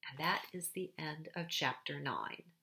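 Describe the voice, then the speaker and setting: A woman reading a children's storybook aloud in a gentle, unhurried narration. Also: low-pitched, creaky, a little hiss or hum. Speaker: storybook reader.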